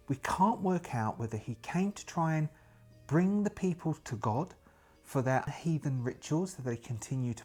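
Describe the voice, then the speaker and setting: A solemn 1920s investigator reads his journal in a hushed, measured voice, as a man voices him. The pitch sits mid-range for a man. Faint music plays underneath.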